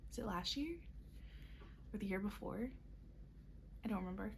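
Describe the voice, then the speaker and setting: Speaking at normal speed in a creaky, medium-pitched voice, a young knitting vlogger has a casual, upbeat chat to camera, full of ums and small laughs. She has the hiccups, and there's a little hiss or hum.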